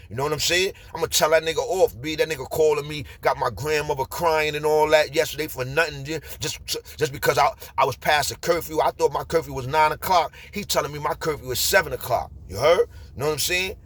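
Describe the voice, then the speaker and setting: A man's voice: a little high, fast talker, hardly any pauses. Streetwise New York man telling stories. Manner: streetwise, animated, repeats "you heard?". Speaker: storyteller. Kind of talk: casual storytelling.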